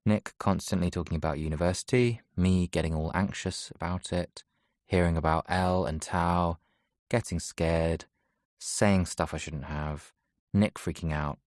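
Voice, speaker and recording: A young man narrating an audiobook in the first person, soft, subdued and measured. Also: deep voice, fairly even intonation, no room sound, studio quality.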